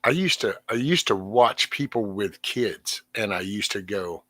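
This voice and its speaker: A middle-aged man hosts a casual livestream from home, venting in a rambling way, cursing often and trailing off. His voice is on the low side, pushed and bright, with lively intonation, a slightly slow pace, and no echo.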